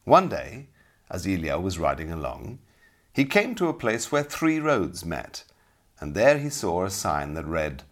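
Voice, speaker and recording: A middle-aged man narrating a storybook in an expressive, dramatic way. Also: low-pitched, a little slow. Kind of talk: audiobook storytelling.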